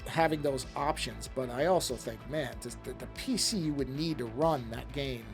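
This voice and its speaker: A man's voice: medium pitch, moderate pace, gravelly, over music. A man streaming live while drawing, chatting casually and rambling from one thought to the next, talking to himself as he works. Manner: rambling, self-talk, easily sidetracked.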